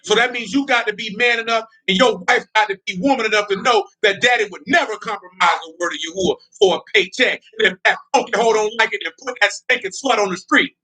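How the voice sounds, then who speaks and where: A male preacher with a high-sitting voice delivers a fiery sermon quickly, with few pauses, his tone pushed and bright. He uses blunt, confrontational street talk, prodding listeners with repeated questions, laughing between points, and saying "you know what I'm talking about" again and again.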